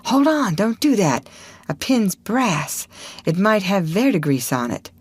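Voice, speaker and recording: Figure: a bold but superstitious country boy, voiced by a woman. He speaks in a hushed, urgent rural dialect, set higher than the reader's own slow, low voice, recorded dry and close. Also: sing-song, slightly rough, dry recording. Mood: warning. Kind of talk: audiobook character voice.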